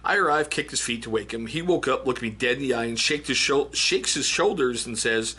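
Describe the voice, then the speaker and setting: Guy doing a chatty book review vlog, bright husky voice, keeps cracking up. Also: mid-range voice, animated, a little fast, hardly any pauses. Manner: laughs often, reads excerpts aloud. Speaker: book review channel host.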